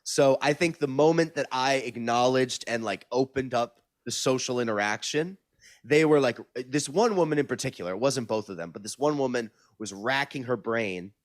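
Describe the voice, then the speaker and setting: A man's voice: mid-range voice, normal speed, no echo, clean studio sound. A young man co-hosting a casual comedy podcast, telling rambling stories and swearing freely. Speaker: podcast co-host.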